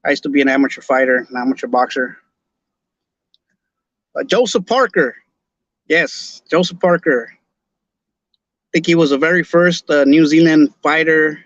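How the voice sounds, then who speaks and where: A Chicano man from Los Angeles chats loosely on his podcast stream, speaking in a slightly higher voice and tripping over his own restarts. The sound is dry and a bit dull. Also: dry recording. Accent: Chicano English. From Los Angeles, California. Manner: laid-back slangy talk, many restarts and repeated words. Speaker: podcast host. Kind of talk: casual live-stream chat.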